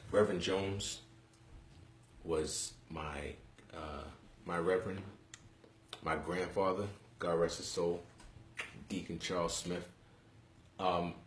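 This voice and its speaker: Deep-voiced New man chatting live. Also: slight background noise. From Harlem, New York City. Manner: animated, blunt, slangy banter with viewers. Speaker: host of a live webcast. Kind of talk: casual live-stream chat. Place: room in his home. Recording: echoey room.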